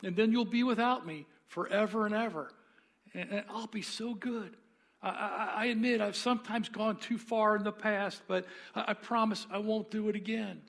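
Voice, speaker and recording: Guy doing a high wheedly little lizard, chatters and begs. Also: fairly even intonation, moderate pace, gravelly, a bit bright. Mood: wheedling. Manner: chattering, pleading, stammering. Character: wheedling, talkative red lizard on a shoulder.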